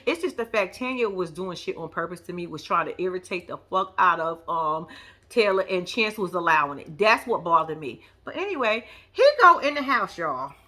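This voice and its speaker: Woman vlogger, reality TV recaps, blunt and profane, bright and very animated delivery. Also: on the low side. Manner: blunt and profane, laughs often; animated, talks straight to viewers. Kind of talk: casual commentary.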